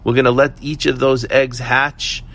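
A man voicing a poor village mother who gently corrects her children and lays out big plans. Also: mid-range voice, little pitch movement, moderate pace, pitched above the performer's own voice. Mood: planning. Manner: firm, soothing, then piling up plans. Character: poor village mother, patient, hopeful, scheming dreamer.

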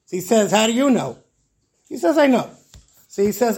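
A man's voice: high voice, expressive, a little fast, darkish tone, slightly rough. A man, a rabbi, telling stories in a Torah class and acting out the characters' dialogue, with Hebrew terms woven in.

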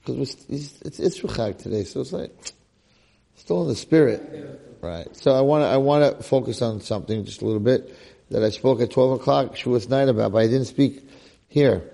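A man giving an informal, animated Torah class to a group, talking casually and dropping in Hebrew and Yiddish terms. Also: medium pitch, normal speed, vocal fry. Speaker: Torah lecturer.

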